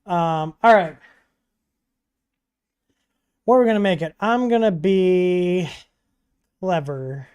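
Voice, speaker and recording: A man hosting a casual livestream Q&A, talking in a relaxed, chatty way with frequent ums and asides, from a home studio. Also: sits high, slow pace, long pauses, clear, resonant tone, highs cut off. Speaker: livestream host answering 3D printer questions. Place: home studio with dogs nearby.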